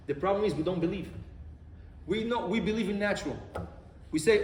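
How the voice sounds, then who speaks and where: A man's voice: sits high, a little fast, long pauses. A man giving a sermon as a rabbi, telling stories and asking rhetorical questions. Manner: animated storytelling with rhetorical questions. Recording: roomy, distant mic, faint noise.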